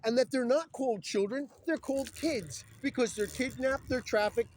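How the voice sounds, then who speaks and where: A man's voice: extremely high pitch, normal speed, a little hiss or hum. A man talking in an agitated, urgent and rambling way while filming himself on his phone outdoors beside a busy road. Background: passing vehicles.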